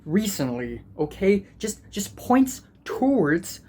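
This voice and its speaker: A man's voice: high voice, very animated, slow pace, dark tone. A teenage boy vlogging as a student, venting in an angry, profane and self-deprecating way. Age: teens. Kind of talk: ranting vlog.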